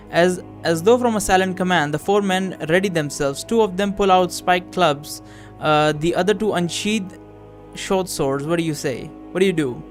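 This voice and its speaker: A man's voice: a little high, normal speed. A man playing through a text fantasy game, reading its narration and choices aloud and chatting between passages. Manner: reads narration, then comments with fillers and laughs. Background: background music.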